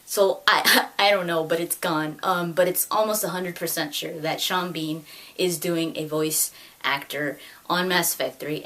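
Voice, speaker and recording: A woman in her twenties chatting excitedly about gaming news with lots of fillers, recorded at home. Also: sits low. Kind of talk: casual chat.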